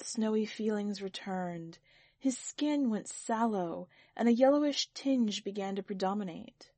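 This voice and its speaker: A woman narrating a literary story for a fiction podcast, in a measured, expressive storytelling voice. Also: fairly high pitch, dry recording. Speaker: podcast editor reading fiction. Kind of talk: scripted narration.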